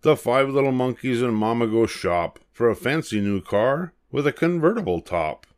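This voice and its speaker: An older man reading a rhyming children's picture book aloud in a gentle, sing-song manner. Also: medium pitch, expressive, normal speed, smooth, dry recording, studio quality. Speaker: storybook reader.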